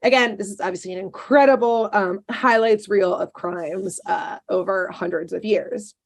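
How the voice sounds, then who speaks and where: A woman co-hosting a podcast, telling a dark history story in a casual way, with sarcastic asides and lots of ums. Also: mid-range voice, moderate pace, gravelly.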